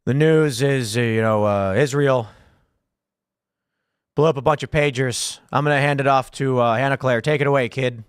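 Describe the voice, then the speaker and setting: A man's voice: medium pitch, smooth, dry recording, studio quality, pitched below the performer's own voice, natural voice. Man doing a mumbling elderly president. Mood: drowsy, halting. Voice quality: slow, trailing, hesitant speech full of "uh".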